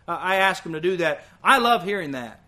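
A man's voice: high voice, animated, a little fast, pushed and bright. A man preaching a sermon as a visiting preacher, earnest and emphatic, repeating his key points.

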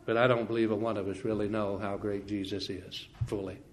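A man preaching a sermon, swinging from quiet, folksy asides to loud, slow, ringing scripture quotes, with small laughs and restarts. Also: lowish voice, flat delivery, a little hiss or hum.

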